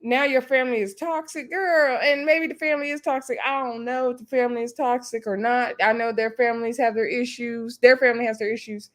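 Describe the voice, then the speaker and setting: A woman talks through a reality show episode from home in a casual, chatty review. Her delivery is conversational and loose, full of fillers and animated asides. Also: a little high, fairly quick, few pauses.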